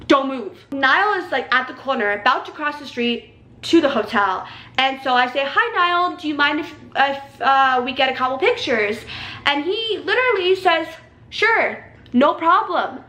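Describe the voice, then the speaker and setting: A young woman vlogger telling a story in a casual, excitable way, full of "like" and swearing. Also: sits high, normal speed, echoey room. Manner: excitable, heavy use of "like", swears freely.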